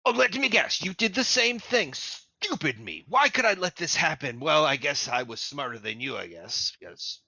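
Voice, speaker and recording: A scatterbrained old wizard-sage who rambles on in a pompous, huffy voice and keeps jumping into shrill, indignant highs, as a man puts him on. The tone is bright and lively, on dry, slightly dull stream audio. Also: normal speed, creaky, hardly any pauses, dry recording, exaggerated voice. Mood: flustered. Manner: rambling, indignant, high-pitched outbursts.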